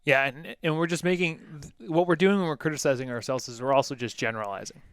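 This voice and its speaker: A man co-hosting a casual fitness podcast as a coach, talking animatedly and acting out quotes in lively voices. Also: a little high, fast talker, smooth, no room sound, studio quality.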